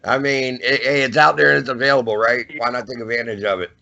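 A man's voice: medium pitch, steady tone, creaky, bright, forceful tone. A male radio co-host in casual chat who jokes with his guest and laughs easily. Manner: jokey, quick to laugh. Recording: dull lo-fi audio.

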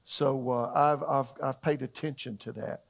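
A middle-aged man preaching a sermon as pastor, conversational and halting, with frequent fillers and restarts. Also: mid-range voice, steady tone, gravelly.

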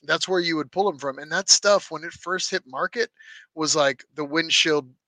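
A man co-hosting a casual car podcast, telling long animated stories with lots of fillers and restarts. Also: on the high side, moderate pace, dry recording. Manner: rambling, animated storyteller with many fillers. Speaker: podcast co-host. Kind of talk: casual chat.

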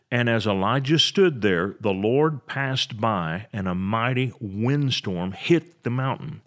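A man teaching the Bible on his podcast in a preaching style, slowing down to stress key words. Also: on the low side, fairly bright tone. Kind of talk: preaching sermon.

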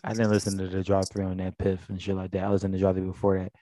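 A man's voice: low voice, completely flat delivery, very fast, mellow, dry recording, clean studio sound. A young man in casual chat, talking in a laid-back, slangy way that often drops to a mumble.

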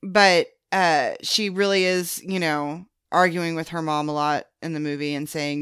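A woman's voice: low voice, steady tone, a little slow, few pauses, fairly bright tone, clean tone, no room sound, studio quality. A woman chatting casually on a podcast, talking freely with lots of "like" and "um". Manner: chatty, many fillers like "like" and "um". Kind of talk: casual chat.

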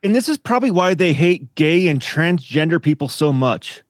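A man with a lively, swooping voice makes sardonic, mock-preachy remarks in a casual podcast chat. He sits a little high for a man, and the sound is dry and close. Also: moderate pace, no echo. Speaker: podcast co-host.

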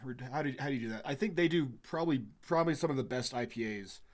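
A man co-hosting a podcast in casual chat, relaxed and telling crude jokes with laughing asides. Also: medium pitch, fast talker. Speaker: podcast co-host.

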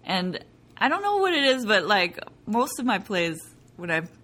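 A young adult woman playwright talking casually in an interview, animated and laughing often as she acts out what people said. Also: mid-range voice, moderate pace. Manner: animated, laughing, quotes people in bright voices. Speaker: playwright guest.

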